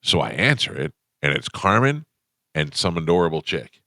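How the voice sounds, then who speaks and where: A man hosting a morning radio show, telling stories in casual banter and jumping high in pitch when he quotes people. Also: normal speed, no room sound, clean studio sound. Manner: animated storyteller, jumps up high when quoting people. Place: radio studio. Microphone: studio microphone.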